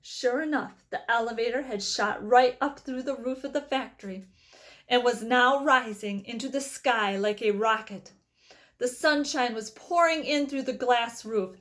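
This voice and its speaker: A woman reading a children's novel aloud with expressive storytelling. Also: a little high, measured pace. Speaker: reader.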